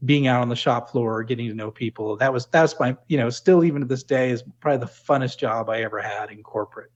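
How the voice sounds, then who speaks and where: A man's voice: mid-range voice, fast talker, highs cut off. A middle-aged man from New England who has lost his accent, talking things through as a podcast guest, with many restarts. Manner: reflective, full of restarts and "you know". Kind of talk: casual interview talk.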